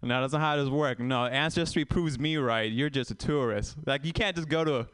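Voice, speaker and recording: A man's voice: medium pitch, moderate pace, a bit bright, clear, resonant tone, no echo. A young Vietnamese-born man doing a stand-up set, wry and self-mocking, rambling into asides to the crowd. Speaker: stand-up comedian.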